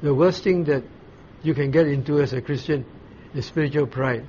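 A man preaching a sermon, explaining scripture slowly, pausing often and asking his listeners questions. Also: a little high, a little mellow, lo-fi sound, a little hiss or hum. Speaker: pastor. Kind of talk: sermon, Bible teaching.

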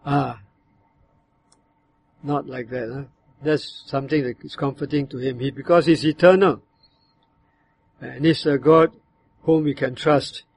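A man preaching a sermon, explaining a verse in a measured way and sometimes voicing other tones to show its meaning. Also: mid-range voice, fairly even intonation, vocal fry, a little hiss or hum. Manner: measured, explanatory, acts out bitter and demanding tones when quoting. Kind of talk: sermon on a psalm.

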